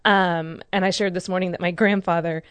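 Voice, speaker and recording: A woman's voice: fairly low pitch, steady tone, a little fast, fairly bright tone, clear, resonant tone, no room sound. A woman in her thirties telling a personal story in a casual group discussion, candid and emotional. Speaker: discussion participant.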